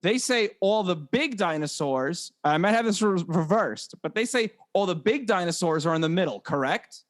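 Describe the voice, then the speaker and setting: A man with a notably high voice co-hosts a casual podcast about movies. He talks in a joking way and often slips into mock voices to quote scenes. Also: lively intonation, moderate pace. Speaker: podcast co-host.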